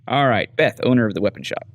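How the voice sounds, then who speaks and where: A man giving casual let's-play commentary, chatting through dialogue choices and reading menu items aloud. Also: medium pitch. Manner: casual, reads menu text aloud, muttering asides. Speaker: gameplay host.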